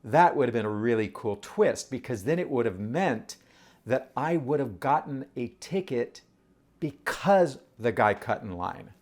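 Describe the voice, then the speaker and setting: A man talking casually to camera, animated and rhetorical, often throwing questions at his audience. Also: mid-range voice, measured pace. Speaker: vlogger.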